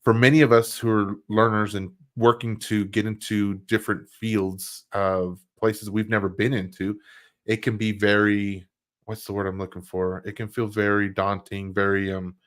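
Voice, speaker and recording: A man's voice: fairly low pitch, flat delivery, normal speed, fairly bright tone. A man hosting a podcast livestream, chatting casually with an upbeat, rambling, enthusiastic manner. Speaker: podcast host.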